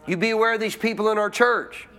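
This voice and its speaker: High-voiced emphatic preacher man. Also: fairly even intonation, brisk, sharp tone, clean tone. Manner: emphatic, questions the congregation and repeats points. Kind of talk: sermon. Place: church.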